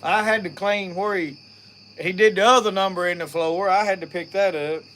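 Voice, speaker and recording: A middle-aged man with a Southern Mississippi accent rambles along in a folksy way, talking straight to his live-stream viewers. His voice sits high and sounds bright and forceful. Faint crickets and insects chirp in the background. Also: fairly even intonation, moderate pace, slight background noise. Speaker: outdoors channel host. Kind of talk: casual live-stream chat.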